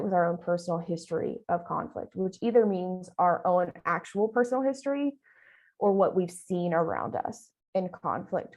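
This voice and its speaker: A woman leads a training presentation in a conversational style, often checking in with "right?" and talking with her arms. Her voice is fairly low in pitch and darkish. The recording is low quality.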